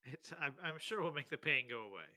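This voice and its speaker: A man playing a tabletop game, speaking quietly and wryly. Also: fairly high pitch, animated, fairly quick. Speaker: player. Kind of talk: casual tabletop game play.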